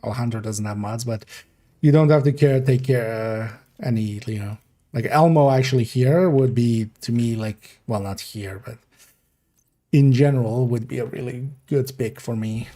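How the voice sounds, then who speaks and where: A man's voice: medium pitch, normal speed, warm tone. A man streaming a game, chatting casually in a rambling, mumbling way full of fillers. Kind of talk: casual livestream game talk.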